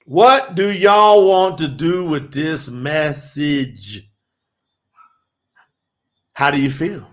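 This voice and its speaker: A man preaching on a livestream, fiery and emphatic, rising to shouts, then chatting loosely with his viewers between points. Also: on the high side, extremely slow, long pauses. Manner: addresses the audience as y'all, loose and conversational between points. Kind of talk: livestream sermon and chat with viewers.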